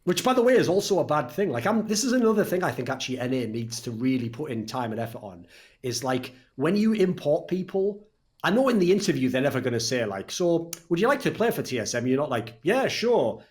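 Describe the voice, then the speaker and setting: A man hosting a casual esports podcast, animated and swearing freely, often mimicking other people. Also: mid-range voice, fast talker. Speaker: podcast host.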